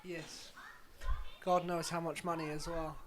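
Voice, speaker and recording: A man's voice: fairly high pitch, flat delivery, a little slow, a little hiss or hum. A man co-hosting a casual review chat in a playful, teasing, sarcastic way. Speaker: co-host of a review show.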